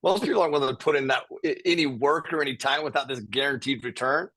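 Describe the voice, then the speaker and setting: A man's voice: mid-range voice, quick pace, a bit bright, no echo, low-quality recording. A man hosting a podcast, chatting casually with his guest and calling him "bro" and "dude". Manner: laid-back, says "bro" and "dude", swears casually. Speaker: podcast host. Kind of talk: casual interview chat.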